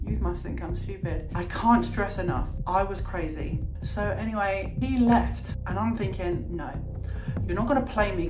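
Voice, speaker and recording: A young woman telling a storytime vlog in a brash, animated way, acting out quotes and swearing freely. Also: lowish voice. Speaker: vlogger. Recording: echoey room with background music.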